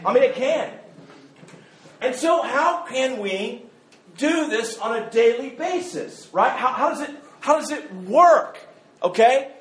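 Male pastor, high voice, sermon, casual joking delivery, repeats words, echoey church room. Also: animated, takes it slowly, fairly bright tone. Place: church sanctuary.

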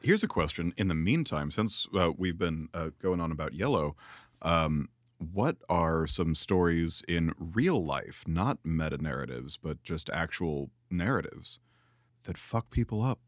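A man's voice: low-pitched, expressive, unhurried, no echo, clean studio sound. A man co-hosting a podcast in casual chat, blunt and joking, cutting in with crude questions. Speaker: podcast co-host.

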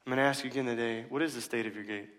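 Casual, emphatic preacher in a big echoey hall. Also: male voice, medium pitch, steady tone, rapid-fire, a bit bright. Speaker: pastor. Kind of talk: sermon. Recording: long reverb of a large hall.

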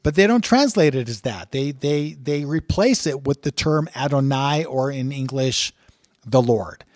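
A Bible teacher with a mid-range, slightly mellow voice reads scripture passages aloud, earnestly and unhurriedly, adding emphatic rises as he talks through what they mean. His delivery is expressive, and the recording is dry and clean, studio-quality sound.

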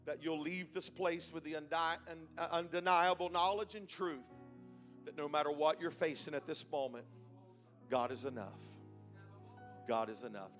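High-voiced preacher man, soft organ behind. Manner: builds from quiet and hesitant to loud, shouting emphasis. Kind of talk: sermon. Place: church.

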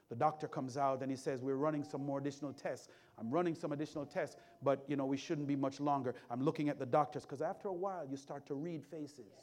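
Preaching man with dramatic hushed-to-loud swings. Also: on the high side. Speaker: hospital chaplain preaching. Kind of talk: sermon storytelling.

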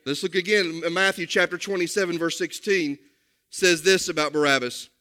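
A male pastor with a high, bright voice delivers a sermon. He speaks emphatically and keeps turning to the congregation with direct questions. His tone stays lively and forceful. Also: moderate pace.

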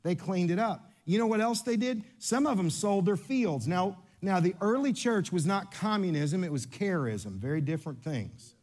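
Animated high-voiced pastor. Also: male voice, normal speed, few pauses. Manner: animated, playful, coaching volunteers on stage. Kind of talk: sermon.

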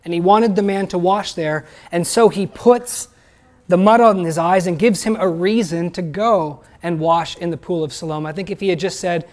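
Speaking at normal speed in a high-pitched, slightly mellow voice, a pastor delivers a sermon. He talks plainly and conversationally, putting questions to his congregation.

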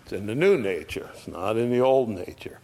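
A man's voice: on the low side, expressive, fairly quick, warm tone. A man teaching an adult Bible study in a folksy, conversational way, often checking in with the class.

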